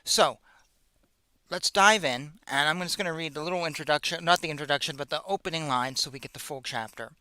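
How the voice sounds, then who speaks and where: A man's voice: on the high side, brisk, pushed and bright, clear, resonant tone, dry recording. A man hosting a show, retelling an ancient epic in a casual, slangy, joking way. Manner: slangy, joking, with playful asides. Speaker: host. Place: in America.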